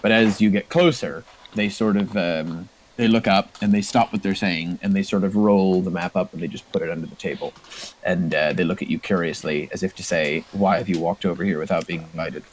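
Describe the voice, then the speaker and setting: A man's voice: deep voice, steady tone, normal speed, rough recording. A man narrating a tabletop role-playing game as game master, with many fillers and restarts.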